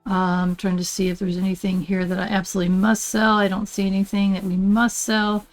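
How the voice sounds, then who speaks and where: An older woman hosting a relaxed let's play, chatting and rambling as she plays and often getting sidetracked. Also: medium pitch, brisk, soft background music, poor audio. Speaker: gaming channel host. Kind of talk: casual let's play commentary.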